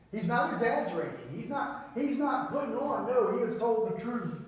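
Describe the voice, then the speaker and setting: High-voiced man preaching in an echoey church. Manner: animated storytelling with wide swings in pitch and volume. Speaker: pastor. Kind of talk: sermon. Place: church sanctuary. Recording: very echoey church hall, mic at a distance.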